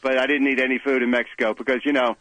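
A man's voice: medium pitch, little pitch movement, very fast, a bit bright, no echo, close to an everyday voice, rough recording. A man doing a comedy impression of a boastful, pompous older male politician who speaks in short, blunt sentences.

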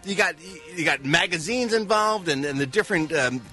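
A man's voice: a little high, animated, a little fast, pushed and bright, soft background music. A man co-hosting a morning radio show, giving emphatic opinions. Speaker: radio co-host.

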